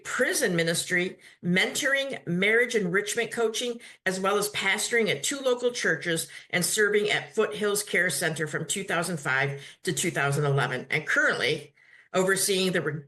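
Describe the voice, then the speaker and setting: A woman's voice: on the low side, sharp tone. A woman hosting a webinar, welcoming the audience and giving a formal introduction of the guest speaker. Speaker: webinar host.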